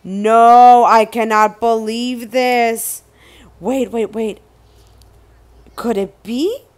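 A young woman vlogging an unboxing, excitable, exclaiming and repeating herself as she looks at each item. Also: a little high, very slow. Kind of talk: casual unboxing vlog.

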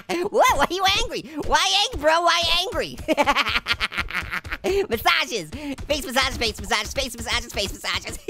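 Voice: high-pitched, vocal fry, pushed and bright, exaggerated voice. A performer voicing a cheeky, hyper male cartoon orange who narrates a comedic VR boxing playthrough, taunting and cackling constantly. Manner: taunting, giggly, constant cackling laughs and wisecracks. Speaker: gameplay commentator.

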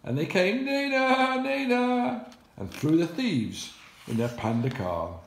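A man's voice: mid-range voice, huge pitch swings, unhurried, echoey room. An older man, a grandfather, reading a rhyming picture book aloud in a sing-song way with animal noises.

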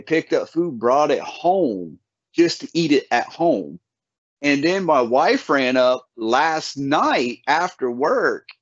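With a husky voice pitched a little high, a podcast host drawls his way through laid-back, folksy tales in casual conversation. The lo-fi audio sounds dull and dry, with no room sound.

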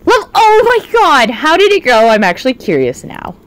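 High, lively excitable woman streamer. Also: a little slow. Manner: excitable, exclaiming and swearing. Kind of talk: casual live-stream chat.

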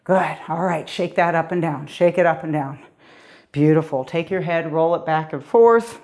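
A woman's voice: low voice, moderate pace, a little mellow. A middle-aged woman, a fitness coach, leading a guided workout with upbeat, encouraging cues, slightly out of breath.

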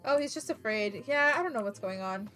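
A woman streams a video game and keeps up excitable, casual commentary, laughing often and swearing freely. Her voice is high and swings widely in pitch. Faint game music plays under her talk. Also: fairly quick.

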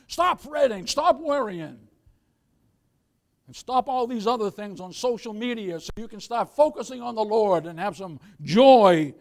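High-voiced older male preacher. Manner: preaching with rising emphasis and call-and-response "amen"; drops into a soft laughing storyteller voice for anecdotes. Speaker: pastor. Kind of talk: sermon.

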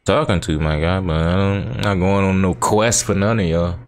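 Deep-voiced man casually narrating gameplay. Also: moderate pace, smooth. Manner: relaxed slangy banter, talking back at the game. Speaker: gaming channel host.

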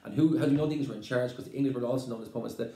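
An Irish man gives an exam-prep lesson, explaining things patiently and repeating points in two languages. His voice is mellow and his pitch sits mid-range. The recording has a noticeable roomy echo. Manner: explains slowly, mixing Irish phrases with English glosses. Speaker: teacher.

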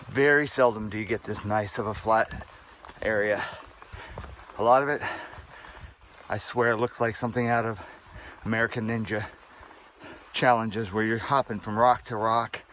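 A man with a mid-range, fairly bright voice narrates a casual vlog outdoors on a mountain trail, breathless from hiking. He chats with his viewers, addresses them as "guys," and leans on plenty of fillers, with slight noise in the background.

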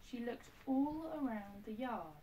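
A woman teacher filming herself at home, reading a picture book aloud to her class in a gentle, expressive way with little asides to the children. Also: fairly high pitch, slow. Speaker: primary school teacher. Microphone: self-filmed camera. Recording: distant mic, faint background noise.

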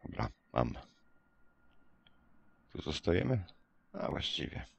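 A man's voice: a bass voice, sing-song, unhurried, gravelly, slightly rough. A man, casually commenting on a game and thinking aloud as he reads out codes. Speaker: gameplay commentator.

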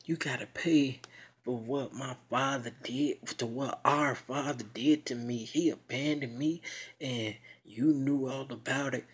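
A man's voice: medium pitch, steady tone, unhurried, slightly rough. A man voicing an unstable, vengeful young woman who curses and confronts. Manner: loud, cursing, confrontational.

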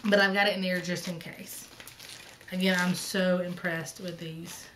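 A woman's voice: fairly low pitch, flat delivery, a little slow, fairly bright tone, slight background noise, rough recording. A woman in her thirties with a Southern accent, hosting a casual vlog in a chatty, rambling way with lots of ums and asides. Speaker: flosstube host.

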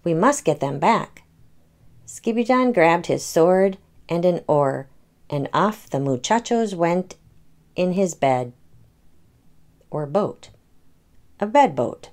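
A mother in her thirties reads a picture book aloud to little ones, pausing to explain words gently. Her voice sits a bit low for a woman. She sounds patient and plain-spoken. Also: lively intonation. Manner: gentle, explaining to young children. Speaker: storytime reader and parent. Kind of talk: children's read-aloud.

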